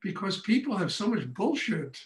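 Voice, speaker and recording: An older man teaching a meditation class, telling stories in a blunt, animated way, often breaking into laughter. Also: sits high, normal speed. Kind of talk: storytelling lecture. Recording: echoey room, far from mic.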